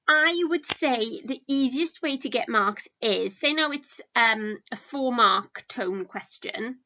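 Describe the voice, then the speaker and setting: A woman's voice: sits high, bright, forceful tone, dull audio. A woman, an English teacher giving a recorded lesson in a chatty, self-deprecating way with many ums. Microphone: home recording for a video lesson.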